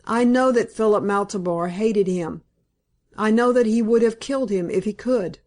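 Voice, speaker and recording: A woman's voice: mid-range voice, moderate pace, darkish tone, natural voice. A woman reading the part of a distraught young woman in a storybook, pleading doggedly and insistently.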